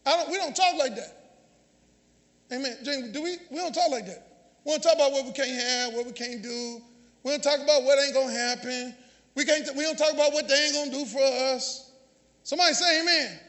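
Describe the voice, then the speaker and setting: A man preaching a sermon as pastor, calling out to the congregation and often shouting. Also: extremely high pitch, fairly quick. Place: church sanctuary. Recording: long church hall reverb.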